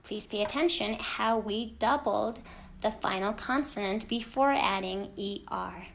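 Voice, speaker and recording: Slow, clear woman teaching grammar. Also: medium pitch, slight background noise. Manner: clear, deliberate, encouraging teacher delivery, stressing example words. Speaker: English teacher. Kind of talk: online grammar lesson for children.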